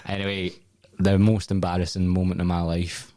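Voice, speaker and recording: Scottish man, twenties, low voice, dry sound, casual sweary storyteller, podcast co-host. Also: fairly quick, no echo. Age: 20s. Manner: swearing, animated storyteller who laughs at his own tale.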